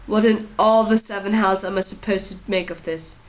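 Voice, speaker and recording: Woman reading a gruff king, weary, impatient, blustering, audiobook. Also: medium pitch, fairly even intonation, normal speed, close to an everyday voice, poor audio.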